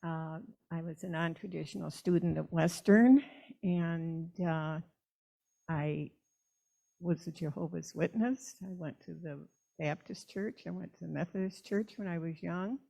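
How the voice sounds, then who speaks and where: Old lady in her 80s, low gravelly voice, rambling self-amused church testimony. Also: measured pace, warm tone. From United States. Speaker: church member. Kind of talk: personal testimony at a church service. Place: church sanctuary.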